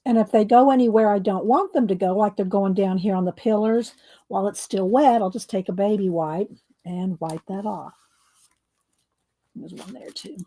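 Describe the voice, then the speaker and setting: A mixed-media art creator chats casually through a craft tutorial, her voice hoarse and fading as she clears her throat and mutters to herself while painting. She speaks in a mid-range voice at a moderate pace with a warm tone.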